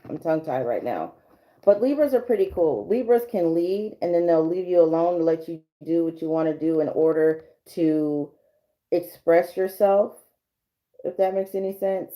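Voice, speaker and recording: A woman's voice: lowish voice, dark tone, rough recording. A woman giving a casual livestream tarot reading, rambling through restarts and fillers and laughing often. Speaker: tarot reader.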